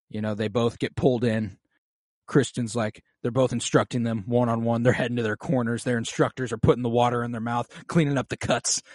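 A man casually recapping a TV episode with a co-host, excited and profane as he retells the scenes. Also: medium pitch, dry recording, clean studio sound. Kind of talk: casual show recap chat.

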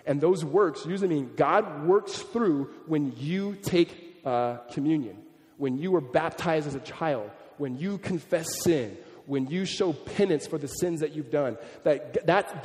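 Animated preacher man in echoey hall. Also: a little high. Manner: animated, conversational preaching with repeated restarts. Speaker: pastor. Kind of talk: sermon.

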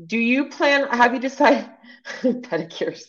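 A woman's voice: fairly high pitch, lively intonation, slow, highs cut off. A woman co-hosting a casual podcast, coaching her partner in a chatty, encouraging way with many fillers. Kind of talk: casual chat.

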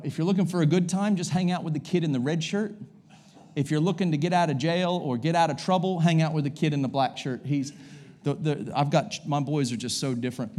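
An American man in his forties delivers a sermon as a visiting pastor, his voice sitting notably high for a man. He is energetic and humorous, leaning into exclamations and jokes. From United States. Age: 40s. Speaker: guest pastor. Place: church service.

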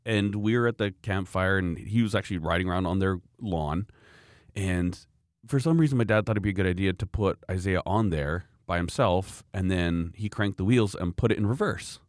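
Man in his forties, podcast co-host; very low voice, close and dry sound, chatty storyteller. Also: moderate pace, no echo. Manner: rambling anecdotal storyteller, chuckling often. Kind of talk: casual chat.

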